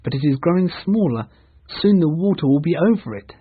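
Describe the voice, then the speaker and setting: A man voicing a cheerful, boastful boy hero in a storybook reading, calling out in a raised, husky voice over a lo-fi recording. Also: fairly high pitch, expressive, fairly quick, pitched above the performer's own voice. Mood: urgent.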